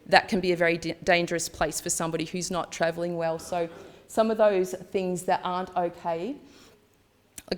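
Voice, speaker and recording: A woman giving a candid conference talk, chatty and acting out dialogue as she tells personal stories. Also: on the low side. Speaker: conference speaker. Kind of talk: personal storytelling presentation.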